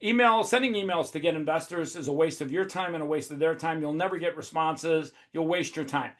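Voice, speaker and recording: A man hosting a webinar, talking in a profane, high-energy, emphatic way. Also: fairly quick. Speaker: host. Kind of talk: casual webinar talk.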